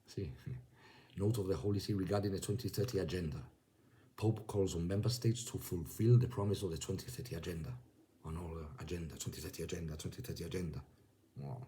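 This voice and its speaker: A man with a low, dark-toned voice giving loose, conversational religious commentary. He keeps checking in with his listener as he goes. He reads news lines and scripture aloud between his own remarks. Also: fairly even intonation, fairly quick, pauses often. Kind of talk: casual religious commentary to camera.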